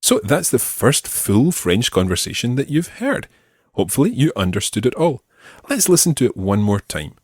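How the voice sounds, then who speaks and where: Guy teaching, slow and careful, repeats stuff, lively voice. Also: mid-range voice, slightly rough, no room sound, studio quality. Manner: slow, deliberate, repeats phrases for learners. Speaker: language teacher. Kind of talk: scripted audio lesson.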